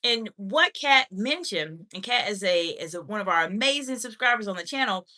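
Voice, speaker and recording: Woman doing a live q&a, coaching, reads chat out and answers straight, bright clear voice. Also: medium pitch, lively intonation, normal speed. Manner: direct, encouraging, reads out comments and answers them. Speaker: leadership communication coach hosting a live Q&A. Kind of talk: live-stream chat reading viewer comments.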